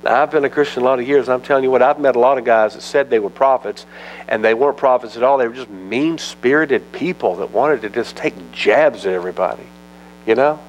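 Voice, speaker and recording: Folksy pastor teaching scripture. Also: male voice, medium pitch, quick pace, a little hiss or hum, rough recording. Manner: conversational and folksy, acts out scripture dialogue. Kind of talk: expository sermon, Bible teaching.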